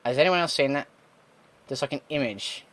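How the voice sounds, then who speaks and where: A man's voice: medium pitch, brisk, fairly bright tone. Wry young man riffing on a game. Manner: wry, sarcastic asides, thinking aloud; swears casually. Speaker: let's play gamer. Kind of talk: casual gameplay commentary.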